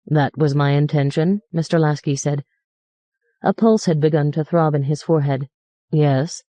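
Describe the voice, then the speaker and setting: A woman reading as a buttoned-up father holding on to his manners with clipped, strained courtesy. The voice is low, soft-toned and dry, set close to the mic. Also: fairly even intonation, moderate pace, no echo, natural voice. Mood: restrained politeness. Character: stiff, formal middle-aged father.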